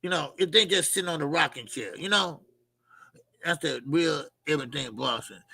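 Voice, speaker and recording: Gravelly bright-voiced guy rambling on his boxing stream, lots of you know and okay, kinda husky. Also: on the high side, lively intonation, moderate pace, dry recording. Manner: loose, rambling, many fillers and repeats. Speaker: livestream host. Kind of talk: casual live chat reading comments.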